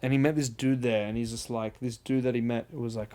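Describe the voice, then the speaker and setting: A man's voice: medium pitch, steady tone, brisk, mellow. Man rambling casually on a podcast. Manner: rambling, swearing, laughs and acts out quotes. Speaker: podcast host.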